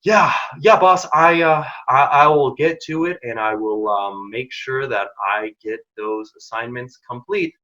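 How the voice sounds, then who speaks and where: Man playing sluggish young employee, halting, mumbly, lo-fi audio. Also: mid-range voice, sharp tone, voice pushed down. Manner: hesitant, stumbling. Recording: dull lo-fi audio.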